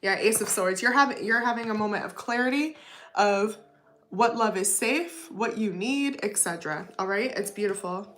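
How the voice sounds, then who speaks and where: A woman's voice: mid-range voice, normal speed, a bit bright, slight background noise. A woman giving a casual tarot reading to her viewers, chatty, often adding "okay?" and "you know what I mean?". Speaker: tarot reader.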